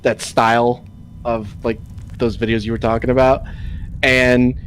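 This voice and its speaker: A man's voice: mid-range voice, flat delivery, measured pace, a little hiss or hum. A man chatting on a game stream, telling stories animatedly and laughing as he retells them. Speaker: stream co-host. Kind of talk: casual gaming chat.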